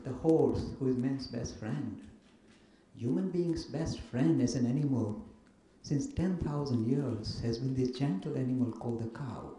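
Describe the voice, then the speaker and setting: Male speaker, higher voice, mellow tone, lively lecturer, echoey hall. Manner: animated storyteller, mimics others in dialogue. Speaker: invited speaker answering questions. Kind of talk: lively lecture with acted anecdotes. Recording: echoey room with faint noise.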